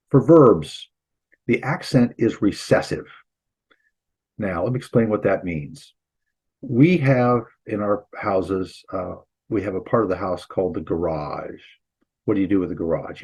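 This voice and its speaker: A man with a somewhat low, husky voice lectures through a computer mic on a video call. He explains step by step, patient and informal, with relaxed asides to his students. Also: measured pace, lo-fi sound. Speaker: Greek instructor and pastor. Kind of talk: online lecture.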